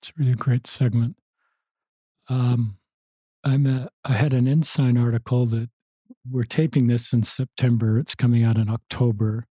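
A man's voice: mid-range voice, flat delivery, normal speed, dark tone, husky, no room sound. A man hosting a podcast, speaking thoughtfully and affirming his guest in casual interview talk. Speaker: podcast host.

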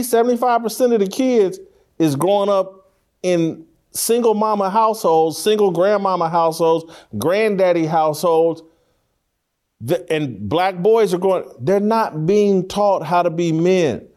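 This is a man with a slightly high voice, talking in a studio as host of an opinion show. He argues bluntly and with heavy emphasis, often restarting and repeating phrases to drive the point home. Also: unhurried, darkish tone. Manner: blunt, emphatic, repeats himself while arguing. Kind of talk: opinionated talk show commentary. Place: studio room with three people.

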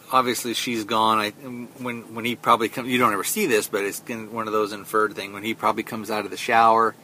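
A man's voice: lowish voice, pushed and bright, a little hiss or hum. A man hosting a podcast, casually retelling a film's plot in a rambling way, with many fillers and quoted lines. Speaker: podcast host. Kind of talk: casual film review recap.

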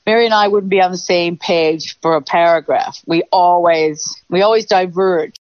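A woman guest chats in a rambling, animated way and tells stories loosely. Her voice is dry and close. The recording sounds dull and lo-fi. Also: fairly low pitch, normal speed, dry recording. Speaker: comedian guest. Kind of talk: casual interview chat.

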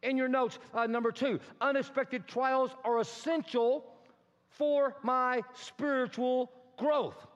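A male pastor preaches with animated humor and slips into mimicking everyday complainers. His voice sits very high for a man. It echoes through a large church hall, and the recording sounds dull. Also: slow. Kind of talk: sermon.

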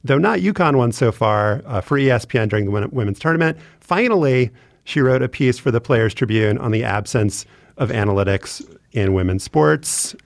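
A man hosts a podcast in a chatty, easygoing way, his mid-range voice carrying a gravelly fry. The sound is close and dry. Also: mid-range voice, animated, moderate pace, dry recording. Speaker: podcast host. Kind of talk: casual podcast interview.

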